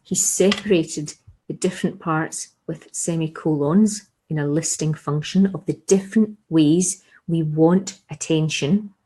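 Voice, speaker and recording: A woman leads an English revision lesson in a mellow, slightly low voice. She explains patiently, circles back to key points and asks her listeners rhetorical questions. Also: unhurried, breathy edge, rough recording. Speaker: English teacher.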